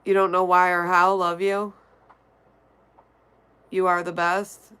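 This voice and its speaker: A woman's voice: on the low side, level tone, slow, a bit bright, clean tone. A woman streamer reading her chat aloud and answering it bluntly and offhandedly, vaping between remarks. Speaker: livestreamer. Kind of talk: casual chat reading viewer comments.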